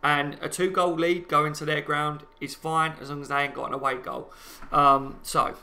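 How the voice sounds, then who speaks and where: A man with a Liverpool accent hosts a live fan stream, talking to his viewers in a passionate, chatty way. His voice is bright and forceful, sitting slightly high for a man. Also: little pitch movement, moderate pace. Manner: passionate, chatty, talks to viewers as "guys" and "lads".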